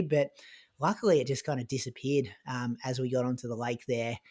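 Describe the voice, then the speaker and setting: A man recounts a race for his podcast co-host. He talks casually, with lots of filler words and restarts, and his voice sits at an ordinary middle pitch. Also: a little fast. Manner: chatty, lots of "like" and restarts, animated in retelling. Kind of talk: casual conversational storytelling.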